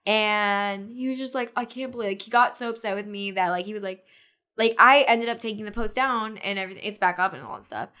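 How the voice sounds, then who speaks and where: Smooth-voiced young woman telling a story. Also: mid-range voice, fairly quick. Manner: animated retelling with many fillers, acting out others' lines. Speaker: podcast guest. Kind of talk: casual storytelling chat.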